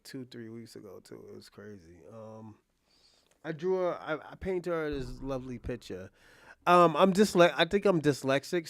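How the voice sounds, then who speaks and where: A young man casually commenting on an interview clip, rambling and thinking out loud with many restarts. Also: mid-range voice, no echo, clean studio sound. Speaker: reaction streamer.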